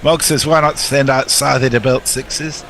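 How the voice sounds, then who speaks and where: A man's voice: medium pitch, little pitch movement, moderate pace, a bit bright, slight background noise. A man co-commentating on cricket, reading out listener messages and adding wry asides. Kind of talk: casual commentary chat.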